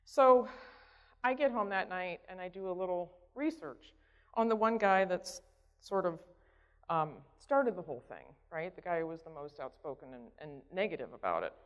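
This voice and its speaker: A woman's voice: on the low side, animated, moderate pace. A woman telling a story at a conference, chatty and conversational, often checking in with the audience. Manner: conversational, keeps asking "right?". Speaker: conference speaker. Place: conference hall stage. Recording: dull sound in a reverberant hall.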